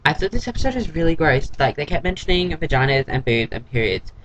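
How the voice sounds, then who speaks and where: A man's voice: on the high side, big pitch swings, quick pace, fairly bright tone, dull audio, a little hiss or hum. A man giving a casual, gossipy vlog recap of a TV episode in a catty, sarcastic way. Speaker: TV episode reviewer.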